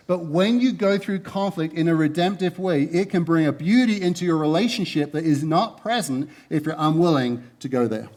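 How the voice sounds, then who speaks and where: A man's voice: fairly high pitch, normal speed, few pauses. A middle-aged man preaching a sermon with his wife, telling stories and acting out quoted lines. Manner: animated storytelling, acts out quoted lines. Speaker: pastor. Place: church stage.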